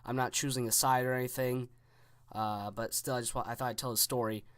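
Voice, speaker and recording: Young man, teens, rambling casual storytelling, dry close sound, mid pitch. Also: steady tone, brisk, a bit bright, no room sound. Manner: rambling, full of "like" and restarts.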